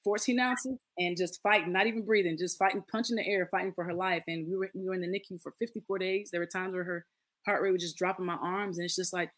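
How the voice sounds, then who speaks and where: A woman's voice: on the low side, fairly even intonation, quick pace, a bit bright. A woman in her late thirties, a podcast guest, telling a personal story in casual conversation, earnest and acting out the voices of others. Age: late 30s.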